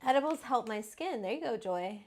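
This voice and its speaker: Woman, from Alberta, cooking show host, chatty and rambling, casual swearing, fairly high voice, home kitchen. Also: animated, brisk, a little mellow. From Alberta, Canada. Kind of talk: casual cooking livestream chat.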